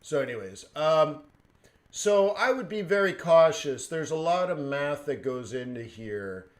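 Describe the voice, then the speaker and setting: A man's voice: a little high, expressive, a little slow. Guy rambling thru a forex live stream, ums everywhere, laughing at his own stories. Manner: rambling, filler-heavy, chuckling asides. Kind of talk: casual chat.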